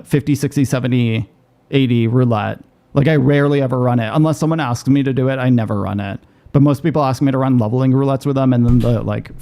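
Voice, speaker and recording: A man streaming a game, chatting rapidly and swearing freely as he plays. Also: mid-range voice, warm tone. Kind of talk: casual gaming commentary.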